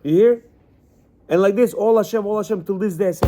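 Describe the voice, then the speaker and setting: A man teaching a class to a small group of men, talking in an animated, conversational way and repeating his words as he goes. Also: sits high, brisk. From Central Asia, Bukharan Jewish family. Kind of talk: lecture with stories.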